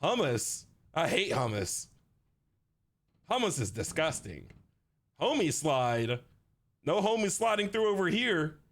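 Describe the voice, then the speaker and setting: High-voiced male streamer, lively playful gameplay commentary. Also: slow, long pauses. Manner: playful, joking, animated. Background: game music.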